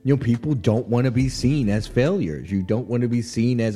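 A man's voice: mid-range voice, a little fast, faint music behind. A man hosting a radio show, chatting casually and laughing often as he riffs on a celebrity breakup. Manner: animated, chatty, laughs often, frequent "you know what I'm saying". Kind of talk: casual on-air commentary. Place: radio studio.

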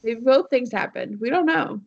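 Woman podcast host rambling thru a story, lots of ums and likes, kinda high voice. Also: expressive, normal speed, vocal fry, lo-fi sound. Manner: rambling with many fillers and laughs. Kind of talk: casual chat, telling a story.

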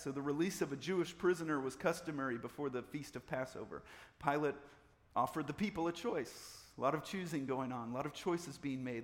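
In a large hall, a pastor with a fairly high voice preaches a sermon. He repeats phrases as his delivery swells steadily in intensity.

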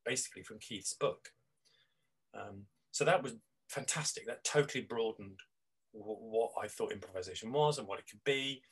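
A man's voice: on the low side, a bit bright, husky, rough recording. A middle-aged man, a guest on an interview, talking reflectively with many restarts and fillers. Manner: rambling, with frequent restarts and fillers. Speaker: guest, improv teacher.

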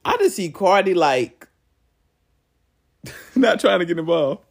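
A podcast host chatting casually at home late at night, gossiping and reading cards in an animated, profane way with frequent laughter. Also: mid-range voice, slow, vocal fry, breathy edge.

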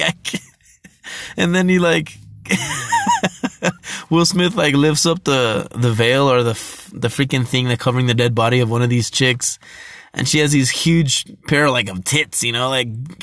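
A man's voice: medium pitch, a bit bright, dry recording. Rambling young man chatting on his phone. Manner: rambling, laughs a lot, swears casually. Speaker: vlogger. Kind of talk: casual movie chat.

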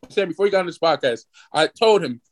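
Young guy hosting a sports podcast, pretty high voice, fired up and cussing. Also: fast talker. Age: 20s. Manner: excitable, ranting, swears freely. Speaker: podcast host. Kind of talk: casual sports chat.

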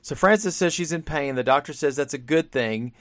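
A man co-hosting a podcast, retelling a film's plot in a rambling way with quick acted-out quotes. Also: on the high side, a bit bright. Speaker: podcast co-host. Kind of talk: casual plot recap.

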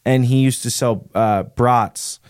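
A man's voice: mid-range voice, fairly even intonation, slow, a little mellow, no echo, studio quality. A man co-hosting a podcast, chatting casually and playfully, riffing on silly ideas with his friend. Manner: playful, joking, riffs on ideas. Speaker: podcast co-host. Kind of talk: casual chat.

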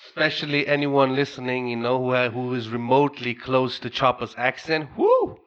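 A man from Bangladesh hosting a podcast in casual, slangy chat, animated and quick to laugh. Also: mid-range voice, lo-fi sound. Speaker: podcast host.

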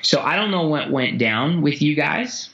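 A man coaching a guest in conversation, blunt and heavy on swearing, telling stories intensely with sudden jumps in pitch. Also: expressive, unhurried, vocal fry, bright, forceful tone, highs cut off.

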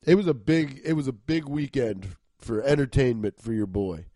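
A man in his thirties from Cincinnati, hosting a podcast, rambling profanely and excitably in a casual comedic monologue while congested and sniffly from allergies. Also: mid-range voice, normal speed, dry recording. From Cincinnati, Ohio. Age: 30s. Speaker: podcast host.

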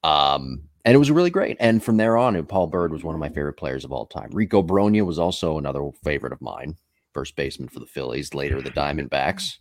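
A man's voice: very deep voice, animated, fairly quick, no room sound, studio quality. A man hosting a podcast in casual chat, telling rambling stories with many fillers and asides. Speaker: podcast host.

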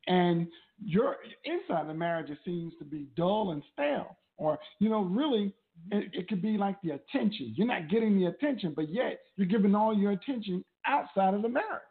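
Man, loose conversational advice, slightly high pitch, phone-like audio. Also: expressive, moderate pace. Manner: loose and conversational, repeats words while thinking. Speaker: co-host of a marriage talk show. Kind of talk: casual advice chat. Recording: tinny phone-like sound.

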